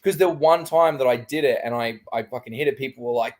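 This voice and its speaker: Aussie male podcast co-host, mid pitch, animated, sweary storyteller. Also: fast, hardly any pauses. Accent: Australian. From Australia. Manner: animated storyteller who acts out his own reactions, swears freely. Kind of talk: casual chat.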